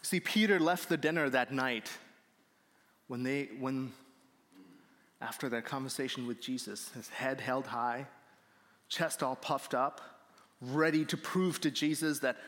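A man's voice: medium pitch, unhurried, long pauses, a bit bright. A male pastor delivering a sermon, earnest and building up to emphatic points, recorded in a church. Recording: long reverb of a hall.

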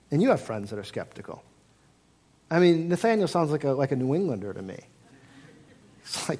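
A man's voice: a little high, sing-song, brisk, long pauses, a little mellow. A man preaching a sermon, reading scripture and then speaking in an earnest, conversational way, repeating key phrases.

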